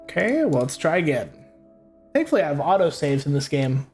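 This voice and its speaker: A man's voice: on the high side, big pitch swings, a little fast, a little mellow, faint music behind. Rambling young man playing a game. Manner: casual, rambling, swears freely. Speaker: gaming host. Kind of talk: let's play commentary.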